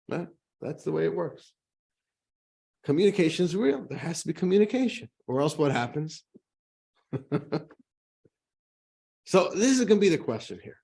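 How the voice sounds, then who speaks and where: A man, a rabbi, teaching a class in a conversational, animated way, chuckling as he tells jokes. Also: on the high side, moderate pace, gravelly, pauses often, slightly rough. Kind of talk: lecture with jokes.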